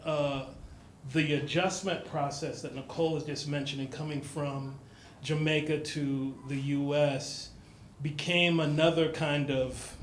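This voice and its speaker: A male moderator puts long, winding questions to a panelist, pausing on ums and restarting phrases. His fairly high voice carries the roomy sound of a hall, with faint noise underneath. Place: event hall at a book festival panel.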